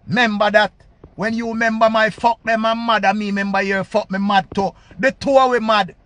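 A man with a Jamaican accent in a loud, profane, repetitive rant giving relationship advice. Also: high-pitched, dry recording. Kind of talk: ranting monologue.

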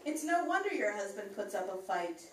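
A woman's voice: medium pitch, sing-song, fairly quick, roomy sound, far from the mic, noisy background. A woman performing a crude, teasing rhymed roast poem at a comedy club, often laughing between lines.

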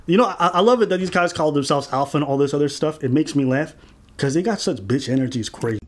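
A man co-hosting a commentary show, talking casually in a mocking, animated and profane way. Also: on the high side, quick pace. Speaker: commentary channel co-host.

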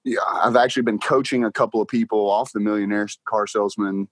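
A young man, a car salesman guest telling his story in a casual interview, excited and quick to laugh. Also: fairly low pitch, dry recording. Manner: excited, laughs often, talks fast with "like" and "bro".

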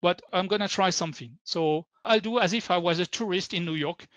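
A man's voice: high-pitched, a little fast, fairly bright tone, dry recording. A man with a French accent giving an upbeat conference tech talk as a workshop presenter, often saying "super" and "so".

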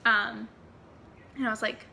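A young woman vlogger tells a paranormal storytime in a casual, rambling way, with lots of fillers. Her voice sits high and sounds bright and forward. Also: flat delivery, a little slow, creaky, slight background noise. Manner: rambling, chatty, heavy on fillers.

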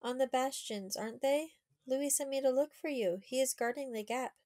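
A woman reading the part of a young boy answering quickly and eagerly. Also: high-pitched, a little mellow, pitched above the performer's own voice, close to an everyday voice. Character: young boy, breathless messenger.

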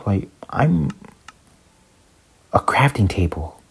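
Panicky low-voiced young gamer guy. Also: drawn-out words, vocal fry, slightly rough. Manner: excitable, panicky, talks to viewers. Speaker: gaming YouTuber. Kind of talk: casual Minecraft let's play commentary.

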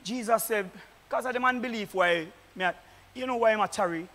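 A man with a Jamaican accent, a deacon preaching fervently at a church meeting, often shouting. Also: sits high, brisk. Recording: echoey church hall.

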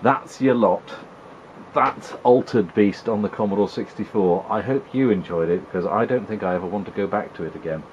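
The recording is muffled against a noisy background as a man with a fairly low voice gives casual gameplay commentary at normal speed. A retro gaming video host, he plays an old video game and teases the characters with wry, chatty remarks.

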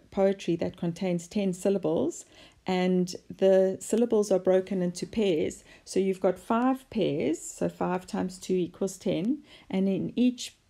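A woman teaching a poetry lesson, explaining sonnet form in a measured way with occasional fillers. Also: medium pitch, gravelly, dark tone.

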